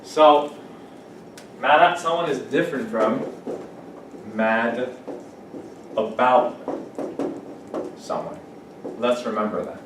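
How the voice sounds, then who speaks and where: Speaking slowly with frequent pauses, a medium-pitched male teacher walks his English class through vocabulary. He explains words with example sentences and puts questions to the students. The mic sits far off in an echoey classroom, picking up a soft room hum.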